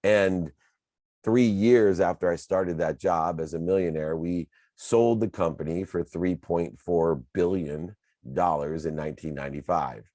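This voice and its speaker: A man's voice: sits low, measured pace, dark tone, no room sound. A man in his fifties giving a motivational talk, telling his own story in an earnest, confessional way. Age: 50s. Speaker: motivational speaker.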